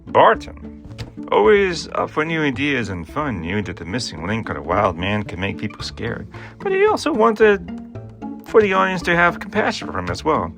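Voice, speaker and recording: Animated, gravelly man telling stories. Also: mid-range voice. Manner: jokey asides, playful and animated. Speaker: storyteller of grave histories. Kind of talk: humorous storytelling narration.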